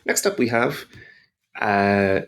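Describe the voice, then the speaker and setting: A man's voice: fairly low pitch, slow pace, fairly bright tone, clear, resonant tone. A man teaching pronunciation to learners, patiently explaining and modelling each sound. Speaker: language teacher.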